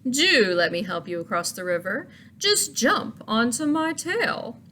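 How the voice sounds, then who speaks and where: A woman voicing a sly, hungry male fox who croons his words slowly and sweetly. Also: fairly high pitch, expressive, pushed and bright, a little hiss or hum. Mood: crooning.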